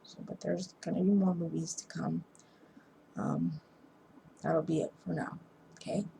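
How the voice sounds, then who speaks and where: A woman's voice: low voice, fairly even intonation, vocal fry, dark tone, slight background noise, rough recording. Sleepy woman rambling through a movie recap. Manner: rambling, halting retelling with many restarts. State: sleepy, yawning. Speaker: amateur movie reviewer. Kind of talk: casual spoken movie recap.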